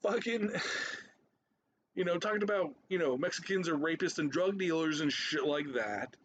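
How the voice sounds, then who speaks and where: A man in his thirties with a fairly high voice rants at normal speed in a profane, rambling reaction commentary, repeating himself and laughing between points. The recording is muffled, with a little hiss or hum.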